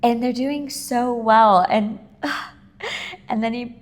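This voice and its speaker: Animated young woman recapping reality TV. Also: on the high side, takes it slowly. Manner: animated, swears, acts out quotes. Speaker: podcast co-host. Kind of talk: casual recap chat.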